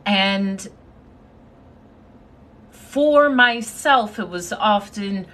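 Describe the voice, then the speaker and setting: A woman's voice: medium pitch, sing-song, slow, bright, forceful tone. A woman giving a confident, sassy motivational talk on a live stream, thanking her viewers as she speaks. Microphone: phone.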